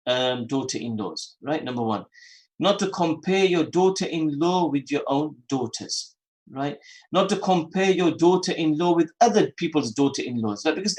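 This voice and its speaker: A man's voice: a little high, darkish tone, rough recording. A man hosting a religious phone-in radio show who repeats phrases for emphasis and mixes in Arabic and Urdu terms. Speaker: radio host.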